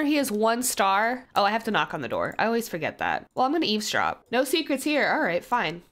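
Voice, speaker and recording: A young woman giving casual, chatty commentary over her life-simulation gameplay, self-mocking and loudly surprised at twists. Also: fairly high pitch. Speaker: gaming YouTuber.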